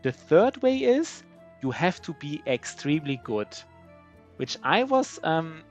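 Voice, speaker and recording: Rambling German-accented male streamer. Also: fairly high pitch. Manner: rambling, self-mocking, many restarts. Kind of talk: live gameplay commentary.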